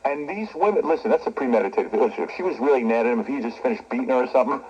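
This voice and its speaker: A man's voice: medium pitch, lively intonation, very fast, slight background noise. A man hosting a radio talk show, brash and joking, interviewing a guest. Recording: dull cassette recording of radio broadcast.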